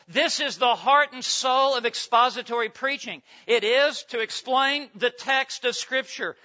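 A man preaching an expository sermon with an emphatic, repetitive cadence, swinging from hushed lines to loud ones. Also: extremely high pitch. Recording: dull lo-fi recording.

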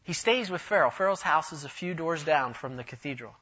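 A man preaching a sermon, telling a story in an animated way, his voice rising and swelling for emphasis. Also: on the high side, fairly quick, breathy edge, highs cut off.

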